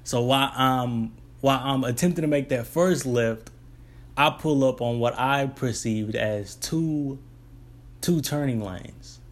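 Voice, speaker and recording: A young delivery driver casually tells a long, rambling story about his job, with restarts and relaxed, colloquial phrasing. His voice is medium-pitched and his pace measured.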